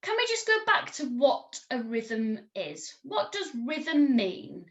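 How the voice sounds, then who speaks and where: A woman teaching a recorded music lesson to children, encouraging and clear, singing and chanting examples. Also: high-pitched, very animated, slow, fairly bright tone.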